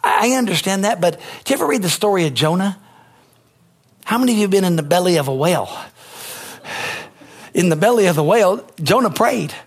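A male pastor delivering a sermon in an emphatic, call-and-response style. His voice sits fairly high and has a husky edge. He keeps turning to the congregation for answers. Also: animated, a little fast, long pauses.

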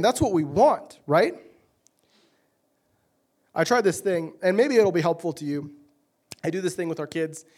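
A man's voice: on the high side, darkish tone. A young man preaching a sermon in an earnest, conversational way, often restarting phrases. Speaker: pastor.

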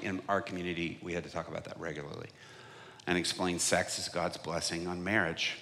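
A man preaching a sermon from a stage, telling a story and acting out what people said, often getting much louder. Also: low voice, slight background noise. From United States. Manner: animated, acts out quotes with big swings in loudness. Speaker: evangelist preacher. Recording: long hall reverb.

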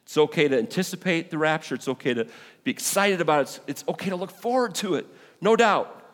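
A man preaching a sermon as a pastor, animated and exclamatory, acting out the people in the scripture. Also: on the high side, fast. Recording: long hall reverb.

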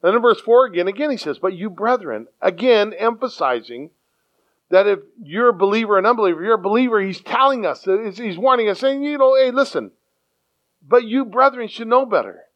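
A man preaching a sermon in an animated way, acting out quoted voices and often repeating his words. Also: high voice, a little fast. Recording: dull lo-fi sound.

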